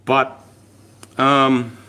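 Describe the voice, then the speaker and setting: A middle-aged Australian man, an army veteran, chatting on a livestream and telling stories in an animated, profane way. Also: mid-range voice, extremely slow, smooth. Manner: profane, animated storytelling, swears constantly. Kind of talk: casual livestream chat.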